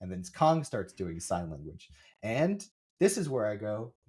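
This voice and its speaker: A man's voice: fairly low pitch, a little slow, slightly rough. A man hosting a podcast, retelling a movie in casual chat and acting out the characters' lines. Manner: animated, acts out characters' lines while retelling. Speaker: podcast host.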